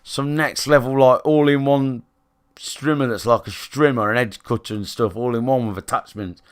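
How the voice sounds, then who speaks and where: A man's voice: mid-range voice, fairly even intonation, normal speed, clean tone. A man, chatting bluntly and rambling to his live stream viewers from his own room. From England. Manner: blunt and sweary, rambling with restarts and fillers. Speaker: game streamer.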